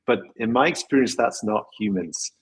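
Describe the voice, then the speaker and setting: A man with a husky voice, a podcast guest in casual chat, speaking reflectively and trailing off with small chuckles. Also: mid-range voice, expressive, normal speed, a little hiss or hum, poor audio.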